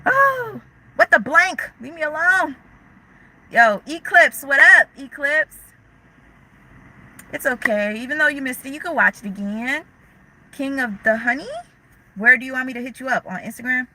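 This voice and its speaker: A woman's voice: a little high, sharp tone, a little hiss or hum, low-quality recording. A young woman hosting a casual livestream, talking candidly in slang and answering viewers' chat comments as they come in. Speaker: livestream host.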